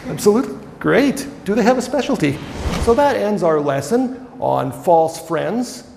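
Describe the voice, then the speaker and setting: Male English tutor, high voice, quizzes the class, echoey hall. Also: lively intonation, measured pace, vocal fry, darkish tone, a little hiss or hum. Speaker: English teacher. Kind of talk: demonstration language lesson. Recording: echoey hall with faint music.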